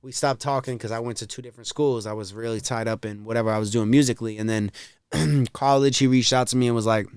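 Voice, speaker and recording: A man's voice: mid-range voice, steady tone, fast talker, smooth, no room sound, studio quality. A young man from Massachusetts, a rapper guest on a podcast, telling stories in casual slang with lots of swearing.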